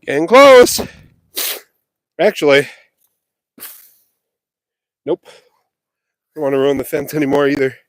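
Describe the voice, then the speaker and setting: A man chats into his phone outdoors on a windy farm, poking fun at himself as he works. His voice sits high and bounces around a lot, and he sounds winded and sweaty from the effort. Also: very animated, unhurried, long pauses, no echo. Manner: jokey self-mocking chatter while working outdoors. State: out of breath and sweaty. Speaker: livestreamer. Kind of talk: casual live vlog. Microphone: phone held or carried while working.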